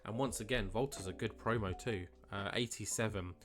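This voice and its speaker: A man's voice: fairly low pitch, fairly quick. A young man casually narrating a wrestling management game, chatty and rambling with lots of fillers. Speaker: let's play host. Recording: faint guitar music behind.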